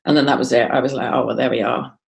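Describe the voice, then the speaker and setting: A woman guest tells a personal story in an interview, full of ums and restarts, quoting other people as she goes. Her voice is very deep and gravelly, with fairly even intonation, and she speaks at a racing pace.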